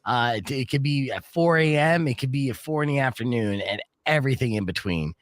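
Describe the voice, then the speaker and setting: A man's voice: mid-range voice, brisk, dry recording. Rock radio host guy, bouncy up-and-down voice, dry studio mic, rambling dad stories. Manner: animated storytelling, swearing. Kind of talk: casual morning radio banter. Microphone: studio microphone.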